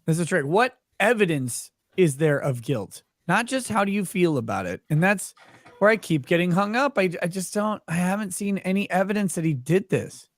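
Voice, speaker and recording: A man talks casually to his stream audience, mixing legal commentary with wry jokes. His voice sits a touch high. The sound is close and dry, with no room around it. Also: animated, moderate pace, no room sound. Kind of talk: casual live-stream chat.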